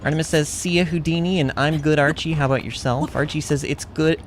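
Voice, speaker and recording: A woman's voice: sits low, steady tone, brisk, a little hiss or hum. A woman streaming a video game and chatting casually with her viewers, talking in a bubbly way with lots of fillers and restarts. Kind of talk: casual livestream chat while playing.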